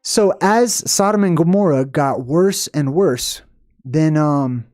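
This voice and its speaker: A man's voice: fairly high pitch, animated, slow, a little mellow, no room sound, clean studio sound, soft background music. A man hosting his own channel, explaining lore in a casual livestream lecture, rambling with many "um"s and asking "right?" to check in. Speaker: channel host.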